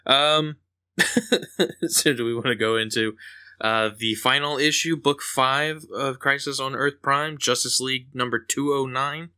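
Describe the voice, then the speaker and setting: A man's voice: mid-range voice, fairly even intonation, measured pace, sharp tone, clean tone. A man co-hosting a casual comic book podcast, laid-back and chuckling as he jokes. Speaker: podcast co-host.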